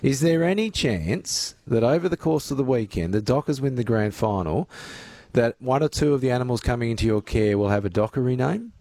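An easygoing man hosts a radio interview, ribbing his guest and reading out texts. His voice is mid-pitched and sounds dry and close in the studio. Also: expressive, brisk, darkish tone, no room sound. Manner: easygoing, joking, reads listener texts. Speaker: radio host.

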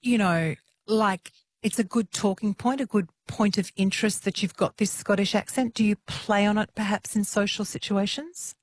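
A woman's voice: medium pitch, fairly even intonation, no echo. Woman hosting late-night radio, dry studio sound. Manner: friendly, quick questioning. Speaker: radio host. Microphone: studio microphone.

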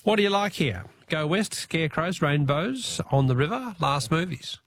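A man's voice: on the high side, lively intonation, moderate pace, fairly bright tone. An Australian man hosting a radio phone-in quiz, chatty and upbeat with the callers.

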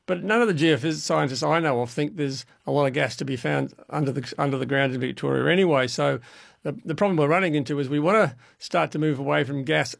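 A man, an expert guest calmly explaining energy issues on call-in radio, with frequent restarts. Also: on the high side, vocal fry, dry recording, studio quality.

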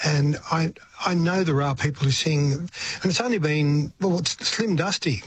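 A man's voice: fairly high pitch, normal speed, a little hiss or hum. Older Australian man, rambling musician. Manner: rambling, restarting sentences, reflective. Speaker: musician guest. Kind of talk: radio interview.

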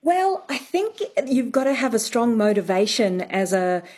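A woman speaking as the expert guest on a radio talk show, her voice a touch higher and husky. She explains in a measured way, pausing on fillers as she thinks. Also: big pitch swings, darkish tone. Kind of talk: radio discussion.

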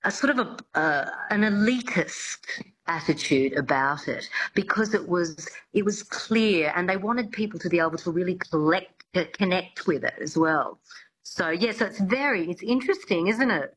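A woman's voice: on the low side, lively intonation, moderate pace, fairly bright tone, slight background noise, low-quality recording. A woman accent coach being interviewed on the radio, explaining with frequent hesitations.

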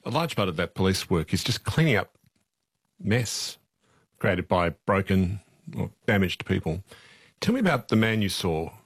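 Casting: male interviewer, very low husky voice, dry studio mic. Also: sing-song, normal speed, pauses often, no echo. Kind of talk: interview questions.

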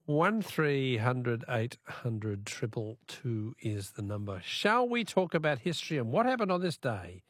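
A man's voice: medium pitch, sing-song, a little slow, few pauses, no echo, clean studio sound. A man with an Australian accent hosting talkback radio in a chatty, amused way. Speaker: radio host.

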